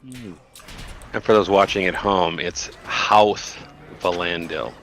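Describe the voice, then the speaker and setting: A man playing in an online group, chatting and telling jokey asides in an animated way. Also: sits low, slow pace, slight background noise. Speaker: group player. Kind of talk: casual gaming chat.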